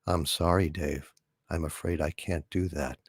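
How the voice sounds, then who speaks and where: A man voicing a calm, cold male ship computer, speaking low, soft and slowly. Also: slightly rough, dry recording, studio quality, full character voice. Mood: eerily calm. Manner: soft, slow, eerily calm.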